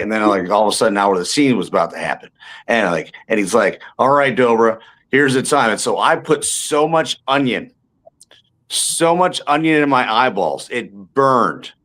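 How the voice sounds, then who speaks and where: A man's voice: lowish voice, lively intonation, moderate pace, a bit bright. Rambling, joking male storyteller. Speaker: guest actor and stand-up comedian. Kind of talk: casual interview storytelling. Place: indoors, tucked in somewhere warm.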